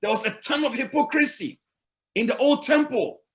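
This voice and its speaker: A man's voice: very high-pitched, moderate pace, fairly bright tone. A male pastor preaching a sermon, emphatic and repetitive, asking the congregation rhetorical questions.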